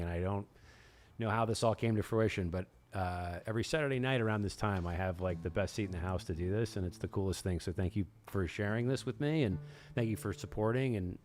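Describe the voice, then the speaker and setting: A man's voice: low voice, fast, a little mellow. A man hosting a live music show, talking in a rambling, gushing way and repeating his thanks. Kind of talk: warm, effusive host talk.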